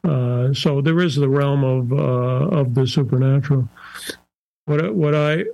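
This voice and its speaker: An older man, a psychiatrist guest on a podcast interview, talking in a measured, searching way and often restarting his phrases. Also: mid-range voice, gravelly, a little mellow, dry recording, muffled recording.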